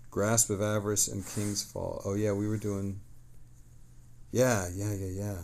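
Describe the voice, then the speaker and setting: A man streaming live, reading lore passages aloud with excitable, chatty asides. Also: on the low side, normal speed, vocal fry. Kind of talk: casual lore reading on a livestream.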